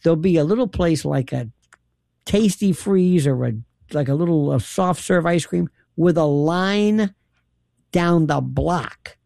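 In an unhurried, low voice with vocal fry, a woman guesting with a radio host energetically tells a funny story, laughing and performing quoted lines in dramatic voices. The studio-quality recording is dry.

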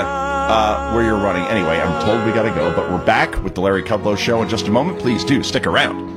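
A man's voice: lowish voice, expressive, brisk, over loud music. A man hosting a talk radio show, giving opinionated commentary in a sarcastic, emphatic way.

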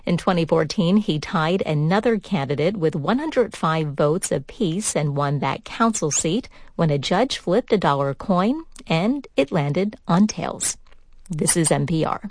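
A woman reads the news bulletin in a steady, measured delivery. Her voice sits low, and the studio recording is dry and close. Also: no room sound. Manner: even, measured newsreading. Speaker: newscaster. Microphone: studio microphone.

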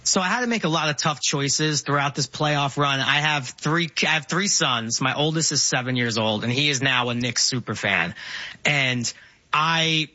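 A man's voice: medium pitch, normal speed, no echo, muffled recording. A man, telling stories eagerly as a guest on a talk show. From Brooklyn, New York. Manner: animated storyteller, excitable. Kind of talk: casual chat.

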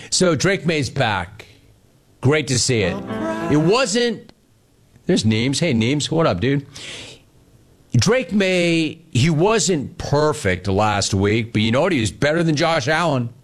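A man's voice: fairly high pitch, sing-song, a little slow. A man hosting sports talk radio, riffing sarcastically and telling stories to his listeners.

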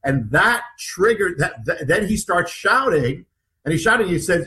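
Fairly high-pitched, bright and forceful, the man's voice moves quickly with lively intonation. He is an author being interviewed, describing an ordeal vividly, voicing what others said and repeatedly restarting and repeating his words. The audio is poor.

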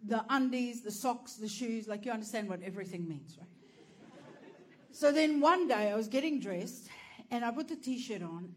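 A woman's voice: on the high side, expressive, moderate pace. A woman telling a brash, profane, self-mocking stand-up story, laughing through her lines. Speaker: stand-up comedian.

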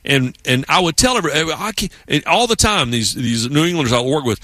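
A man's voice: fairly high pitch, expressive, a little fast, hardly any pauses, sharp tone, no echo. A man from South Carolina with a Southern accent, hosting a sports radio show and telling stories in casual banter. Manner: storytelling, puts on other people's voices.

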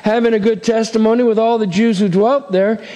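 A man's voice: high-pitched, fairly even intonation, a little fast, dark tone, long reverb tail. A man preaching a sermon, reading scripture and acting out its figures with big swings in his voice. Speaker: pastor.

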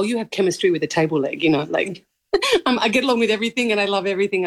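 A woman in her thirties with a mild Australian accent, an actress talking eagerly in an interview and laughing often. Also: on the low side. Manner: bubbly, laughs often, gushing. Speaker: actress guest. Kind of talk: animated interview chat.

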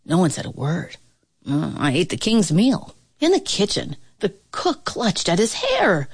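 Woman reading a storybook aloud; husky, lively intonation, dry close sound. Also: fairly low pitch, no room sound. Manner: expressive, playful, with laughs and dramatic pauses. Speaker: storybook reader. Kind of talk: reading a picture book aloud.

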